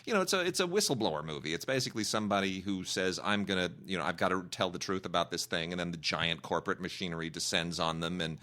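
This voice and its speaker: A man's voice: sits low, fast, few pauses, sharp tone. A man who hosts a film podcast, chatting casually about home video releases and repeating words as he thinks aloud. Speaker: film critic podcast host. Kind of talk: casual chat.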